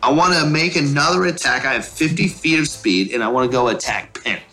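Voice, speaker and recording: Excitable man playing a tabletop game. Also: medium pitch, a little fast, soft background music. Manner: excited, swears, cheers at hits. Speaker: player. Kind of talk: casual tabletop game play.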